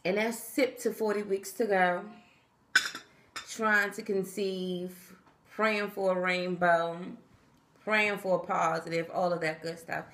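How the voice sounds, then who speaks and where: A woman's voice: mid-range voice, little pitch movement, takes it slowly, a bit bright, echoey room, a little hiss or hum. A tired woman vlogging in a casual, chatty way, talking straight to her viewers and acting out what people said. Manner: chatty, talks straight to viewers, acts out quotes. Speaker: pregnancy vlogger. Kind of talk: casual chat to camera.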